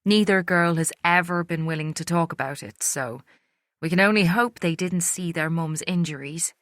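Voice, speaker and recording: A woman reading an audiobook, voicing a gentle middle-aged female social worker with a soft Irish accent. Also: lowish voice, normal speed, no room sound, clean studio sound, lightly acted. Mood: sombre. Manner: gentle, soft-spoken, reflective. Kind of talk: audiobook character voice.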